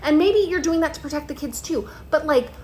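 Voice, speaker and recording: A woman's voice: sits high, a little fast, noisy background. A woman in her thirties, telling an angry story about her son's records with swearing and quoted phone calls. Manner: exasperated, swearing, quoting both sides of calls. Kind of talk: casual storytelling rant.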